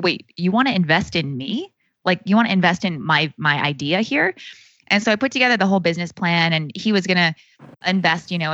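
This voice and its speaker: A woman in her thirties, appearing as a podcast guest, tells a personal story in a chatty, casual way, packed with fillers, especially "like," and she acts out quoted speech. Her voice is on the low side with a fairly bright tone, captured on a dry, dull-sounding recording.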